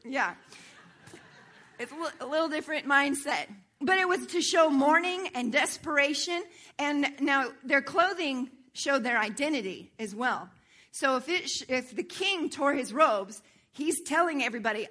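Bright-voiced woman preaching a sermon. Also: high-pitched, moderate pace. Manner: animated, asks the congregation for agreement. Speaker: worship pastor. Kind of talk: sermon reading and explaining scripture.

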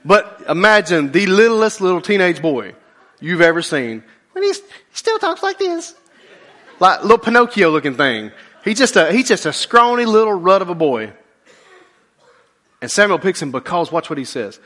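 Animated pastor with a lively, bright voice. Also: male voice. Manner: animated, joking with the congregation; drops to a low, slow intensity for key points. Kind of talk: sermon.

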